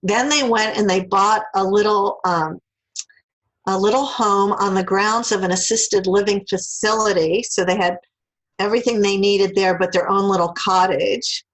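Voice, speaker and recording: A woman's voice: medium pitch, moderate pace, poor audio. A woman, an interview guest, telling a personal story in a casual way and acting out the lines of the people in it. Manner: animated, acts out quoted dialogue.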